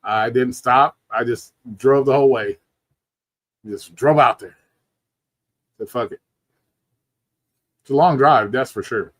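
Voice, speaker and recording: A man's voice: medium pitch, takes it slowly, long pauses, no echo. A man hosting a livestream, chatting casually from home in a rambling, profane, laid-back way, sounding sleepy. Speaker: livestream host. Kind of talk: casual chat.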